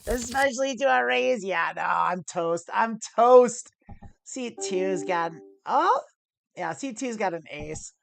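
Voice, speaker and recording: An American woman streams online poker, chatting casually as she plays and explains her moves in a mid-range, gravelly, fairly bright voice that is expressive and unhurried. She's self-mocking, laughs often and swears lightly, with slight background noise in this live-stream gameplay commentary.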